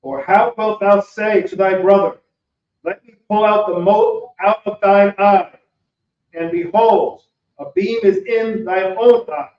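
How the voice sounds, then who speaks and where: A man with a fairly high voice reads scripture aloud at a very slow, deliberate pace. He sounds far from the mic, in an echoey space captured on dull, lo-fi audio. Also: fairly even intonation. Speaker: scripture reader.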